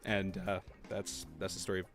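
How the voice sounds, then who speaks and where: A man chatting casually while live-streaming a game, talking to viewers and laughing softly. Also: deep voice, moderate pace, soft background music. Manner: chatty, animated, soft laughs. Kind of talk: casual livestream gameplay chat.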